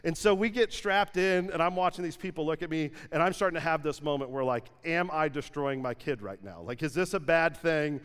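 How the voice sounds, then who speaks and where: A man's voice: a little high, fairly quick, hardly any pauses, clear, resonant tone. Man telling a story in a reverberant hall. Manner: lively anecdotal storytelling with frequent "like", acting out quotes. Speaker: pastor. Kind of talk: storytelling sermon. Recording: long hall reverb from a church stage.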